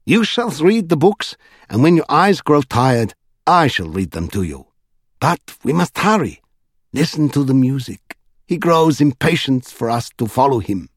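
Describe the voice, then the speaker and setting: A man voicing an old blind king who is cheerful and excitable, calling out in high, eager exclamations. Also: measured pace, slightly rough, dry recording, studio quality. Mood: excited.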